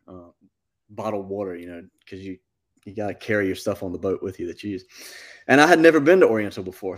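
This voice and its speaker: A man, a musician guest telling a long story in a casual, animated interview. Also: lowish voice. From North Carolina. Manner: animated anecdote-telling, with quoted asides.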